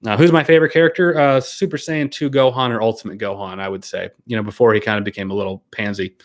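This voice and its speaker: A man with a slightly low voice hosts a casual live stream, reading viewer comments aloud one after another. He answers in an easygoing, unhurried way, pausing on ums and restarting his sentences. He laughs easily as he talks. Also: fairly even intonation. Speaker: YouTuber hosting a live stream.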